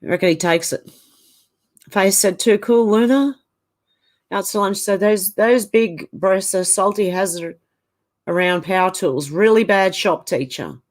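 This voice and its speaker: A middle-aged woman hosts a livestream in a casual chat, reading out viewer comments and reacting to each one with quick opinions. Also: medium pitch. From Australia. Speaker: livestream host.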